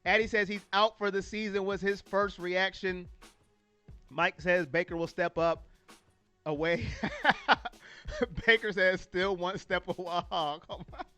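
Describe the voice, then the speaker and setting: A man's voice: high-pitched, fairly even intonation, a little slow, pauses often, bright, forceful tone, clean tone, soft background music. A man from California hosting a sports fan livestream, talking casually and emotionally, laughing easily and greeting viewers as he reads their comments. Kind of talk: casual livestream talk reading chat comments.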